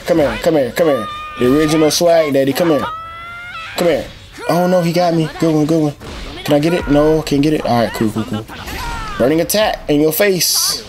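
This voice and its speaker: A young man giving excited, trash-talking commentary as he plays a fighting game. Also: on the high side. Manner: excitable trash talk, shouting at the screen. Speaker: gaming channel host. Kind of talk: live gameplay commentary. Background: game music.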